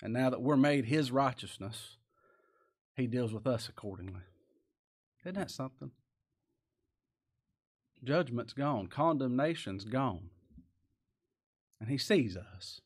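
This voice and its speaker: A man's voice: medium pitch, lively intonation, slow pace, pauses often, husky. A man preaching a sermon, reading scripture aloud and swinging into rising, emphatic lines. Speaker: pastor.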